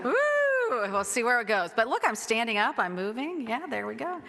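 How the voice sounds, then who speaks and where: A middle-aged woman pastor delivers a chatty, exuberant sermon in a bright, forceful voice. Her words ring out in a reverberant church hall. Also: fairly high pitch, lively intonation, fairly quick, creaky. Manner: exuberant, chatty, whoops and laughs often. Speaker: guest pastor. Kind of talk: lively conversational sermon. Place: church sanctuary.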